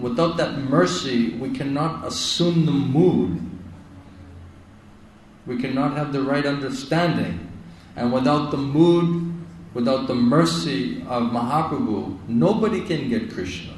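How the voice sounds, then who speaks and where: A man's voice: mid-range voice, slight background noise. Emphatic man lecturing in an echoey hall. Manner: emphatic, repeats phrases, asks "isn't it?". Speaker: spiritual teacher. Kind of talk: devotional lecture. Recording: echoey hall, heard from a distance.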